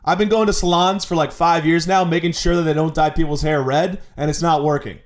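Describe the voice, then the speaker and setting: Young male comic host, fairly high voice, mock-indignant rant delivery. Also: fairly even intonation, fairly quick. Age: 20s. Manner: mock-indignant, exaggerated complaining. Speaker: comedy podcast host. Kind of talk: comedic rant monologue.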